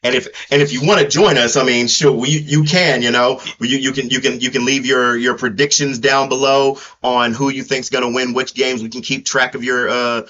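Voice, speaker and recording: A man of ordinary pitch talks sports in a blunt, laid-back way. He stumbles and repeats himself as he goes. The audio sounds slightly dull and lo-fi. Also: steady tone, normal speed, few pauses, pushed and bright. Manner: blunt, repetitive, stumbling restarts. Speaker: podcast co-host. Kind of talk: casual sports chat.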